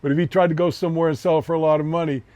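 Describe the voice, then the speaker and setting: Older man with a mellow, raised voice. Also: on the high side, steady tone, rapid-fire, no echo, highs cut off. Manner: rambling, repeats himself when telling a story. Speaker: podcast host. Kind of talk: casual storytelling.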